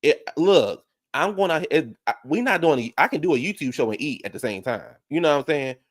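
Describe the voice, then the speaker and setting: A man hosting a casual YouTube show, recapping a reality TV episode and talking to his viewers in chat, jumping into animated high voices when he quotes people. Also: fairly quick. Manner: talks back to viewers in chat. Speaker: YouTube reaction show host.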